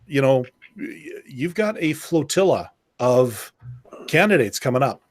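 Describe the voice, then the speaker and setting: A man's voice: mid-range voice, big pitch swings, unhurried. A man co-hosting a podcast in casual political chat, rambling and searching for his words. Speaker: podcast co-host.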